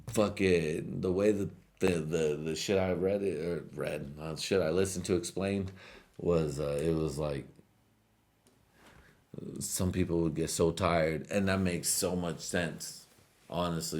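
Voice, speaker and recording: A man who is high, hosting a podcast in a rambling, profane monologue that is often broken by laughter. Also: a little mellow. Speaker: podcast host. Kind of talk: casual stoned monologue.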